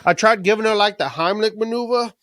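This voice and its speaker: A man's voice: sits high, extremely slow, bright, forceful tone, no room sound, clean studio sound, exaggerated voice. A man voicing a bumbling, crude male medieval healer in a put-on vague accent. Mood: mock-earnest.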